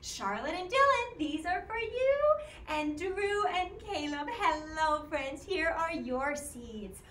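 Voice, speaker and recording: A woman's voice: sits high, animated, slow, a bit bright, a little hiss or hum. A woman with a Midwestern American accent leading an interactive music class for small children, talking in an encouraging sing-song way and singing animal songs. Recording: echoey room, faint ambience.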